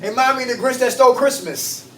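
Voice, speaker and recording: High-voiced man leading a recovery group. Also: brisk, fairly bright tone. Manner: preachy, quizzes the group with "what?". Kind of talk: call-and-response group teaching. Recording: echoey room, mic far off, faint noise.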